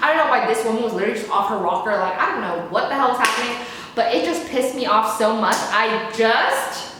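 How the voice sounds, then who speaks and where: A young woman in an unedited storytime vlog, talking fast and frantically, swearing and exasperated, a little out of breath. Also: on the high side, expressive, sharp tone, very echoey, a little hiss or hum. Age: young adult. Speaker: vlogger.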